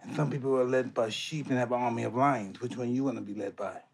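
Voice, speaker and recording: A man hosting a podcast in loose, excitable chat, laughing often and talking over his guests. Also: medium pitch, quick pace, vocal fry, slightly rough. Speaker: podcast host. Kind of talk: casual chat.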